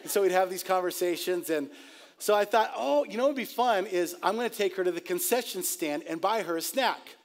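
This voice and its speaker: A middle-aged man, a pastor, preaching a sermon and telling stories in an animated, jokey way, laughing at his own tales. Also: sits high, a little fast. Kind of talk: sermon with storytelling.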